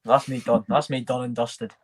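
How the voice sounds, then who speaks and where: A man's voice: mid-range voice, flat delivery, moderate pace. A man hosting a live football watchalong, chatting loosely with banter and restarts. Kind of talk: casual chat.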